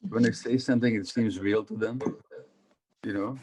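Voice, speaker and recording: Older male physician speaker, low-pitched, chatty lecturing style that poses questions to the listeners. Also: fairly even intonation, normal speed, darkish tone. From Hungary. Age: 70s. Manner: conversational, asks the audience questions. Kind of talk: public talk on trauma.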